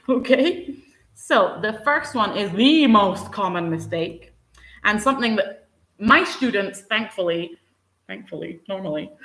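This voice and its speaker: A woman's voice: mid-range voice, sharp tone. A woman teaching English in a live online lesson, patient and encouraging, answering viewers by name. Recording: roomy echo.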